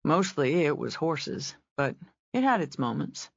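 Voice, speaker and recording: A laid-back ranch man talks low and unhurried, as a woman narrator reads him. The sound is dull and dry, as from a close booth. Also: creaky, dry recording, full character voice. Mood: relaxed. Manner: relaxed, understated, low.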